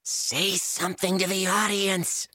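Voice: mid-range voice, little pitch movement, unhurried, sharp tone, dry recording, clean studio sound. A voice actor playing a sensible, patient male tomato co-hosting a cartoon podcast, mildly exasperated by his friend. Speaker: co-host.

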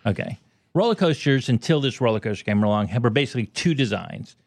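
A middle-aged comedian from the United States, chatting as a podcast guest and explaining things in quick restarts. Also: male voice, medium pitch, lively intonation, dry recording. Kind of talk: casual podcast chat.

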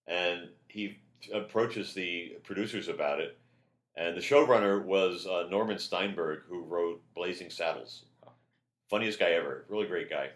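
A man on a podcast, telling long anecdotes in a rambling, animated way and acting out quotes in a loud voice. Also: sits low, measured pace. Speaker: podcast guest. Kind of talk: casual anecdotal storytelling. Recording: roomy echo.

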